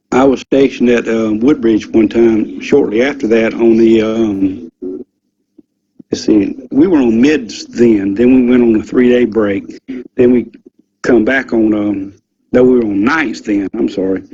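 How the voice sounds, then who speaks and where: A man's voice: fairly low pitch, warm tone, husky. An older man, telling a story in a rambling, folksy way with lots of ums and some swearing. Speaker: interview guest, former military security policeman. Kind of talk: casual storytelling recollection. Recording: dull lo-fi audio.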